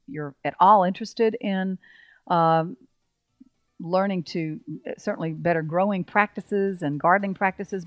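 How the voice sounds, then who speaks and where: A woman co-hosting a farm radio show in casual chat, earnest and full of ums. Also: fairly low pitch. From Alabama, US. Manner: warm and earnest, with many ums.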